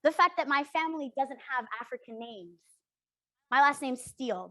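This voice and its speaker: A young adult woman from Canada leading an interactive workshop, speaking earnestly and emphatically and often checking in with a quick "right?". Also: sits high, a bit bright, no room sound. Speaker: workshop facilitator.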